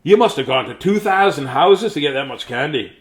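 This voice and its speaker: A man's voice: on the high side, lively intonation, fairly quick, close to an everyday voice. A man voicing a stern grown-up policeman in a read-aloud storybook. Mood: puzzled. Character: gruff grown-up male policeman.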